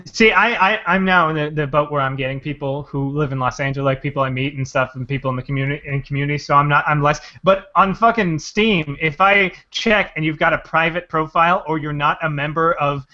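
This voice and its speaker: A man's voice: on the high side, fairly quick, few pauses, bright, forceful tone, highs cut off. A man co-hosting a casual podcast, rambling with many restarts and frequent swearing. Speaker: podcast co-host. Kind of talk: casual chat.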